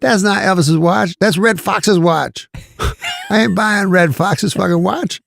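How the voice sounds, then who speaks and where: A man's voice: slow, vocal fry, no room sound, studio quality, exaggerated voice. A man doing a needling, incredulous comic. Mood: mocking. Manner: incredulous, needling, high and loud. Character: sharp-tongued male comedian mocking a friend.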